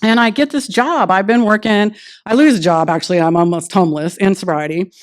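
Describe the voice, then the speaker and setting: A woman speaking at a recovery meeting, telling her personal story in a lively way and acting out the dialogue she recalls. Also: medium pitch, brisk. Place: meeting room.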